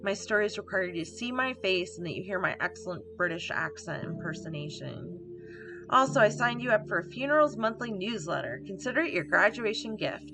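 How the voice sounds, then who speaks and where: Woman, gravelly voice, casual let's play commentary, reads emails aloud, music in background. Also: mid-range voice, animated, a little fast. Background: game music.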